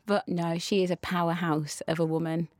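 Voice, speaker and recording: Interview guest: young woman, Black Country accent, lowish voice, warm chatty delivery, dry close sound. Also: little pitch movement, moderate pace, dry recording. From West Midlands, England. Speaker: guest, children's TV presenter. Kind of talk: casual conversational interview.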